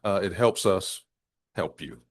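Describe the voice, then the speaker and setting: A man teaching business English, speaking deliberately and stressing key words to demonstrate intonation. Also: deep voice. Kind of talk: presenting a business English lesson.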